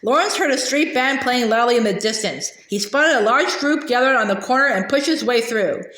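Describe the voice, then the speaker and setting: A woman's voice: a little high, expressive, normal speed, fairly bright tone. A woman reading a children's novel aloud, narrating with the odd slip and restart. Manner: reads aloud with small slips and restarts. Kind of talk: storybook read-aloud. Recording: echoey room.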